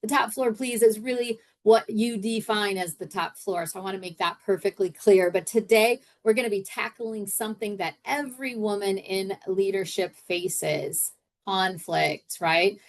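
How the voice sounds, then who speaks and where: A woman's voice: mid-range voice, normal speed. Middle-aged woman, podcast host and coach; loose, chatty delivery full of fillers. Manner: chatty, with many fillers and self-corrections. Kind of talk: casual solo podcast teaching.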